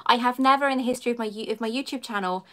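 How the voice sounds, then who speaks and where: A woman with a fairly high voice, talking on a live stream. She is effusive and chatty, warmly greeting viewers as she goes. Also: racing. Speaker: YouTuber and collector.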